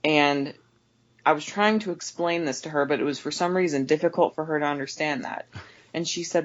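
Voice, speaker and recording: Woman venting about her night shift job, rambly, jumps way up in pitch when she mimics customers, muffled sound. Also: brisk. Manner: exasperated, rambling with many restarts. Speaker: podcast guest; overnight gas station clerk. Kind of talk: casual storytelling rant.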